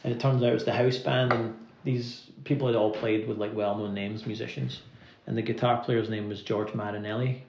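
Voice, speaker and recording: A man with a Scottish accent and a creaky, gravelly voice tells long, meandering stories as a guest musician, laughing along the way. His speech is loose and chatty, packed with "like". The recording sounds roomy and a little dull. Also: fairly low pitch, fairly even intonation, darkish tone, a little hiss or hum. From Scotland. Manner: rambling anecdotes full of "like" fillers, quick to laugh. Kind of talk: casual storytelling interview.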